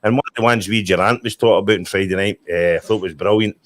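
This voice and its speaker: Chatty Scottish podcast host. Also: male voice, lowish voice, fairly even intonation, quick pace. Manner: chatty, tag questions like "right?". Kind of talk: casual chat.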